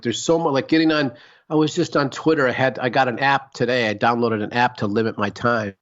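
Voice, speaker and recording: A man's voice: medium pitch, a bit bright, lo-fi sound. A man co-hosting a podcast in casual chat, talking emphatically and swearing freely as he rambles from thought to thought. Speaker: podcast co-host.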